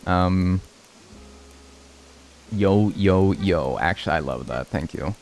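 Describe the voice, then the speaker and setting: A man's voice: deep voice, lively intonation, slow, darkish tone, slight background noise. A man streaming gameplay live, chatting casually with his viewers, joking and swearing freely. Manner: talks to chat and thanks subscribers. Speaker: game streamer.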